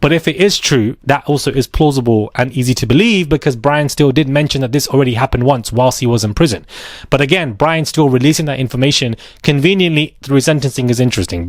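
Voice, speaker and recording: A man hosting a commentary channel, giving rapid, animated opinions with sarcastic asides. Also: mid-range voice, dry recording, studio quality.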